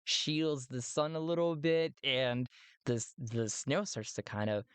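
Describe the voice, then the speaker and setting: A man's voice: mid-range voice, a little slow, clean tone, no room sound. A man narrating a solo tabletop game in a playful, rambling way, with many fillers.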